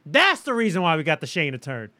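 Male podcast co-host, opinionated and emphatic; high, bright voice with an animated, swinging pitch. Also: fast talker. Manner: opinionated, emphatic, swears freely. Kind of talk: casual wrestling talk.

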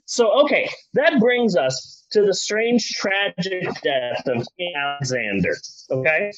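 Husky guy retelling history for laughs, swears a lot, high voice, lo-fi. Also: takes it slowly. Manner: casual, profane, animated. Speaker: comedy storyteller.

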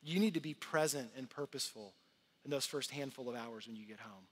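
A man in his thirties preaching a sermon to his church in a conversational, earnest way, swinging from loud to hushed. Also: medium pitch, brisk, slightly rough. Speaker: pastor. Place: large church hall. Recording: long hall reverb.

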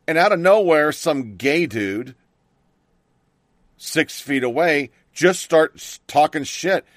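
This middle-aged talk show host has a fairly high, expressive voice and a slow delivery. He rants bluntly and angrily, swearing plenty, in an opinionated talk radio monologue. The studio recording is clean, with no room sound.

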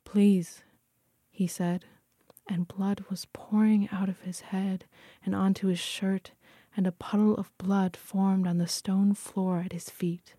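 Woman, storyteller, quiet, often whispering, dark mellow tone, level delivery, dry close recording. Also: medium pitch, little pitch movement, unhurried, breathy edge, no echo. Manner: hushed, frequently dropping to a whisper. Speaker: narrator. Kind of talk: audiobook reading.

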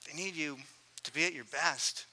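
A man in his thirties preaching a sermon, telling a family story earnestly and swinging from loud to hushed. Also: fairly high pitch, moderate pace. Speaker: pastor.

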